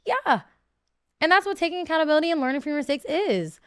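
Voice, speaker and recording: A woman's voice: sits high, lively intonation, fast talker, dry recording, clean studio sound. A woman, a reality show contestant, talking candidly in a podcast interview, emotional and rambling with many fillers and restarts.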